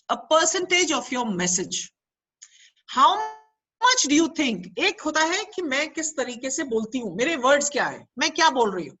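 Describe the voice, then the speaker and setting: A woman's voice: high-pitched, pushed and bright, poor audio. An Indian woman giving a career counselling webinar to students, switching between English and Hindi and quizzing her listeners. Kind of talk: interactive webinar lecture. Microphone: video call.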